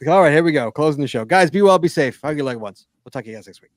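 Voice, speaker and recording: A middle-aged man, hosting a live podcast and wrapping up the show in a brisk, chatty way. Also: a little high, lively intonation. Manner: brisk, chatty, laughs often. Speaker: podcast host.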